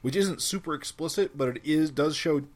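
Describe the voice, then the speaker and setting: A man co-hosting a comic book podcast, explaining his views in a measured, casual way. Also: a little high. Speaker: podcast co-host.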